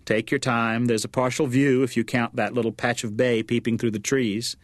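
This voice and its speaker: A man's voice: mid-range voice, level tone, normal speed, no room sound, close to an everyday voice. A serene, welcoming landlady in her fifties from an audiobook, voiced by a man. She talks cheerfully and unhurriedly on a dry, close recording. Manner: cheerful and easygoing. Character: gracious, serene fifty-ish landlady. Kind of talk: audiobook character voice.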